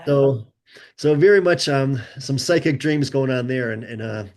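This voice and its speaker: A middle-aged man tells personal stories as a podcast guest. His voice sits at an ordinary middle pitch. He relays conversations with easy, animated energy. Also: moderate pace. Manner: animated storyteller, recounts conversations in a lively back-and-forth. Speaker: guest author. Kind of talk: conversational storytelling.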